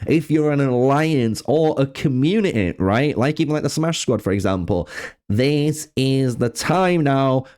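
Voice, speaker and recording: A man's voice: mid-range voice, darkish tone, smooth. A man giving casual game news commentary, chatty and full of fillers, talking to his viewers while he has the hiccups. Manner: chatty, filler-heavy, addresses viewers as guys. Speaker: gaming YouTuber.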